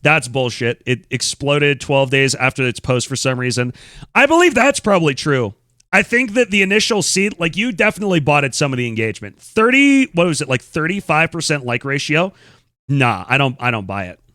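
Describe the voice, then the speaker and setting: A man talks on stream in a lively, swooping voice, blunt and openly disbelieving, with some swearing. His tone is bright and forceful. The sound is dry and close. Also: on the high side, moderate pace, no room sound. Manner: blunt, incredulous, swears freely. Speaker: streamer host. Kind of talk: casual stream commentary.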